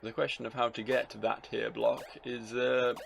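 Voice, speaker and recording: Brief: male let's-play host, dry, self-mocking wit, gravelly mid-pitched voice. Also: little pitch movement, normal speed, slight background noise. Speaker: gaming video host.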